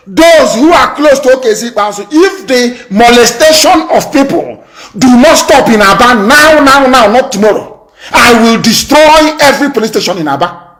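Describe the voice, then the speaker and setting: A man giving an impassioned political speech on a live broadcast, repeating threats and warnings and swinging from measured speech to shouting. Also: extremely high pitch, animated, poor audio. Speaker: political leader addressing listeners on a live radio broadcast.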